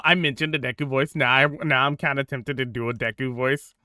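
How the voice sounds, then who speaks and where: A man's voice: medium pitch, steady tone, fairly quick, bright, forceful tone, clear, resonant tone, no room sound, studio quality. A young man chatting casually on a gaming stream into a desk mic, slangy and laughing often.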